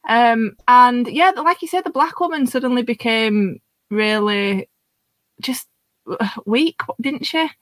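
A woman chats casually about a film, restarting her sentences and laughing along. Her voice sits a little high. The recording is dry and close. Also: a little slow, dry recording. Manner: hesitant, chatty, laughs often. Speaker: panelist. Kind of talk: casual film review chat.

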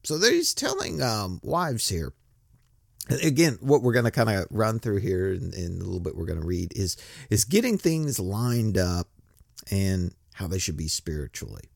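A man's voice: lowish voice, very animated, normal speed, creaky, dry recording, studio quality. A man preaching a casual, joking sermon and reading scripture, talking conversationally with many restarts.

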